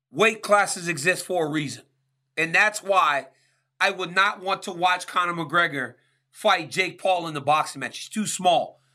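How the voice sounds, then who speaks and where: A man's voice: high-pitched, pushed and bright. A man hosting a sports talk show, answering listener questions in an emphatic monologue and often asking "right?". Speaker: show host.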